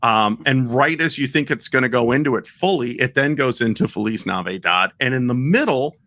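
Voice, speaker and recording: A man's voice: medium pitch, brisk. A man co-hosting a casual music show, explaining his song pick with enthusiasm and plenty of fillers. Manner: enthusiastic, animated storytelling with fillers. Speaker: podcast co-host.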